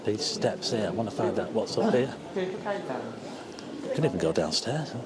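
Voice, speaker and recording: A man walking through a large theatre, giving an excited, chatty tour commentary to his viewers. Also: fairly low pitch, normal speed, over a noisy crowd. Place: large theatre backstage and stairwells, indoors.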